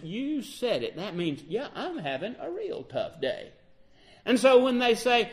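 A man preaching a sermon, acting out the quoted dialogue with lively emphasis. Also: high-pitched, a little slow.

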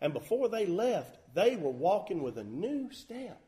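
A man preaching a sermon as a pastor, folksy and emphatic with loud bursts. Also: high voice, sing-song, unhurried. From Southern US.

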